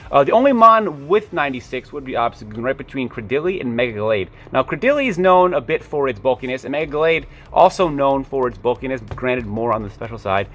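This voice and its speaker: A man's voice: mid-range voice, sing-song, a little fast, few pauses, a bit bright. A man giving casual, rambling commentary to camera. He drifts into tangents, corrects himself often and swears offhandedly. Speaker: video creator.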